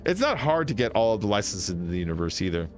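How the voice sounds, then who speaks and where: A male gaming streamer giving casual let's-play commentary. He rambles in a chatty way, his pitch rising and falling a lot, with light game music in the background. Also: very animated, quick pace. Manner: chatty and rambling, with frequent fillers and laughs.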